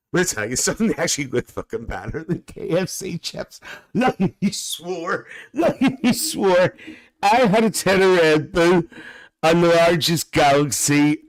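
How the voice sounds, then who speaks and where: Man doing a gossipy older aunty, camp chatter, cackling laughs, shrill squeals, live-stream chat in character. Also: expressive, a little slow. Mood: chatty gossip. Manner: bursts into shrill high exclamations.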